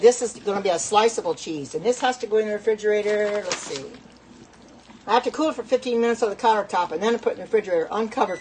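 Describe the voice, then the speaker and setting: In poor audio with a little background noise, a middle-aged woman cooks at home and chats to her viewers. Her voice is medium in pitch and darkish in tone, and her casual vlog talk rambles, with frequent self-corrections.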